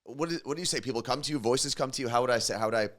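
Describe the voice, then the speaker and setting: A man's voice: mid-range voice, rapid-fire, fairly bright tone. A man co-hosting a talk show, asking the guest casual questions and stopping to search for his words. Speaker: co-host.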